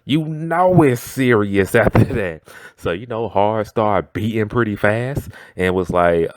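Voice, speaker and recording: A man's voice: lowish voice, unhurried, no echo, studio quality. A man telling a workplace story in a slangy, chatty way, often checking in with the listener. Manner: slangy and chatty, often asking "know what I'm saying". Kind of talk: casual storytime.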